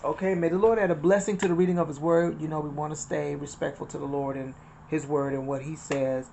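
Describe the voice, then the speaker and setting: A middle-aged woman hosts an inspirational channel, speaking in a lowish, darkish, steady voice at a fairly quick pace. Her casual spiritual talk is chatty, with repeated phrases, scripture quotes and retold conversations.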